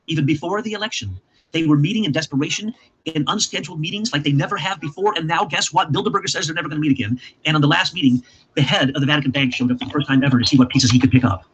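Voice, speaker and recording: A man with an Ozark accent hosting a casual talk show, insistent and quick, piling up lists. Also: on the high side, a bit bright, slight background noise. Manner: rapid, insistent, piles up lists. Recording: muffled lo-fi recording.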